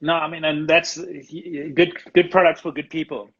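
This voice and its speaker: A South African man chatting casually as a guest photographer, laughing often and clearing his throat. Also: a little high, little pitch movement, moderate pace, fairly bright tone, dull audio. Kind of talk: casual live chat.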